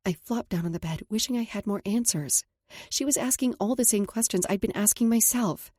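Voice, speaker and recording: A woman narrating a first-person romance audiobook with a husky, mellow voice. Her reading is soft and intimate, sitting a little low. The recording is dry and close. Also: brisk, dry recording.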